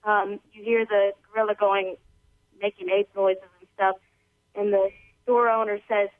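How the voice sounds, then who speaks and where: A woman's voice: medium pitch, little pitch movement, unhurried. A woman calling in by phone, telling a long joke in a casual, rambling way full of slang. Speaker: caller. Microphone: telephone. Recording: thin phone line.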